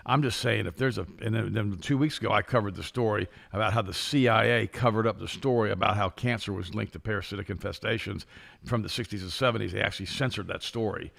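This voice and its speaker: A man's voice: fairly low pitch, fast talker, vocal fry, fairly bright tone. An older man co-hosting a casual talk show, rambling through stories and repeating his words. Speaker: co-host.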